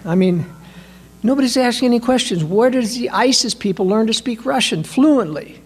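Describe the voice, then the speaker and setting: A man giving a political analysis talk, emphatic and full of rhetorical questions, addressing listeners as ladies and gentlemen. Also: very high voice, animated, moderate pace, husky. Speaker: political commentator.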